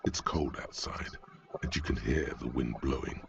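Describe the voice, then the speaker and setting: An actor voicing a grave, brooding inner-voice narrator in scripted game narration. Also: male voice, a bass voice, moderate pace, vocal fry, slight background noise.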